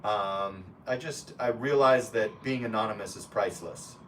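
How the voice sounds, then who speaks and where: A man's voice: fairly low pitch, moderate pace, a bit bright, far from the mic. Casual male streamer reading chat aloud, blunt and foul-mouthed, mic set back with a light hiss behind. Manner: blunt, profane and rambling. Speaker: expat live streamer.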